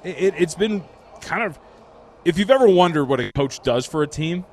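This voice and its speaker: A man co-hosting sports radio from a sportsbook, steady and analytical as he breaks down a coach's impact. He drops in dry one-liners between the longer points. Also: fairly high pitch. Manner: dry quips, then measured analysis. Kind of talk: casual sports radio chat. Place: sportsbook broadcast booth.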